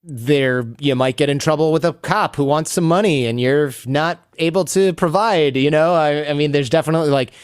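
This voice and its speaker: A man guesting on a podcast, telling stories in an animated way and acting out the people he quotes. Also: fairly high pitch, moderate pace, hardly any pauses, smooth, no room sound, clean studio sound. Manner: animated, acts out quoted people in raised voices. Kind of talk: storytelling interview talk.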